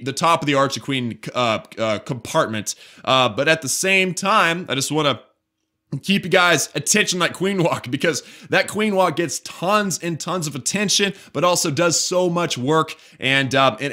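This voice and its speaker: Bright, upbeat man commentating replays. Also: fairly high pitch. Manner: enthusiastic, addresses viewers as guys, frequent restarts. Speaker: gaming YouTuber commentating war replays.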